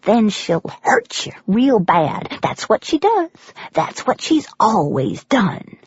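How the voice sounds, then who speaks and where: A woman's voice: fairly high pitch, huge pitch swings, slow, slightly rough, no echo, muffled recording, pitched above the performer's own voice, full character voice. A woman putting on a bitter older country woman. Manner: accusing, clipped rural speech.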